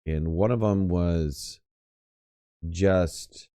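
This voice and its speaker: A man's voice: sits low, expressive, unhurried, vocal fry, warm tone, no room sound, studio quality. A man hosting a live gaming stream, chatting in a rambling, hesitant way with lots of fillers and restarts. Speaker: game streamer host. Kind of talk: casual live-stream chat while gaming.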